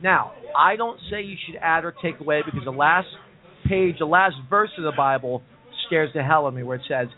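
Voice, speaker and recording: A man hosting a casual talk show in a pub, talking earnestly and preachily and repeating himself. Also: a little high. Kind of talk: casual bar-room talk show chat. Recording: tinny lo-fi phone-like sound.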